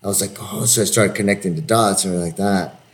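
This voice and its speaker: A man in his fifties with a lowish voice talks loosely and animatedly with a friend. His speech is studded with swearing and filler words. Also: fairly even intonation, racing. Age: 50s. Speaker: actor and podcast host. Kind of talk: casual chat.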